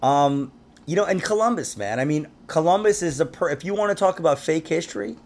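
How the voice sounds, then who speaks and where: A man's voice: fairly high pitch, expressive, brisk. A man hosting a conspiracy podcast, chatting casually in a rambling way and laughing often. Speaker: podcast host.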